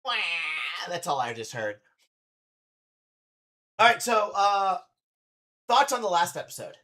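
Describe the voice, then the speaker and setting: A man's voice: high-pitched, very animated, unhurried, bright, forceful tone. A man, a drag performer, hosting a casual reaction stream with chatty, playful teasing.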